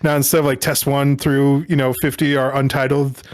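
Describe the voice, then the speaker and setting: Laid-back man with a soft, held-back voice. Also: medium pitch, flat delivery, brisk, dry recording, studio quality. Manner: laid-back, keeps his voice soft and restrained. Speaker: podcast co-host. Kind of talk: casual chat.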